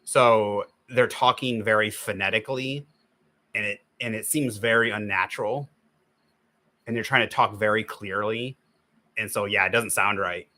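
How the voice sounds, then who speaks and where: A man's voice: on the low side, fairly even intonation, moderate pace, pushed and bright. A man hosting a livestream, chatting casually while he draws and rambling with many restarts. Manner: complains, then gives step-by-step drawing tips. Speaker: livestream host. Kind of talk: casual chat while drawing.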